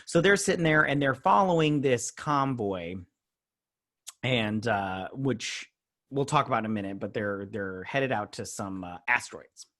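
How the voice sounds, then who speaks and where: Host, thirties, male, mid-pitched. Chatty, loose episode recap, puts on the characters' quotes. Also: expressive, measured pace, pushed and bright. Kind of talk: casual episode review chat.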